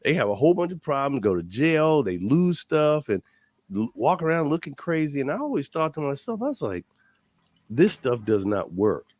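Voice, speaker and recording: A guest telling a story with lots of animation, his pitch swinging widely from line to line. He often repeats words as he builds up to the point, and his voice sits dry and close to the mic. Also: very animated, brisk, no echo.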